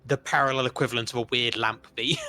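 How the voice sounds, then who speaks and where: A man's voice: medium pitch, steady tone, quick pace, pushed and bright, faint music behind. A man playing a tabletop game, talking in a hesitant way with fillers. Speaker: player. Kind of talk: casual tabletop game play.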